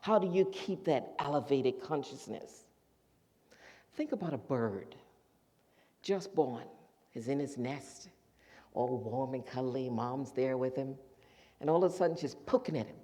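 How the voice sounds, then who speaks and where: A minister giving a sermon in a church, telling a story with lively acted-out voices. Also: medium pitch, moderate pace. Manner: animated storytelling, acts out quoted voices. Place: church sanctuary.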